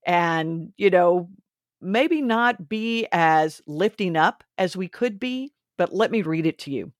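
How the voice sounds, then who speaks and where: Slow, earnest woman podcast host. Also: lowish voice, animated, no room sound, clean studio sound. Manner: earnest, instructive, gently preachy. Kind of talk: faith-based parenting talk.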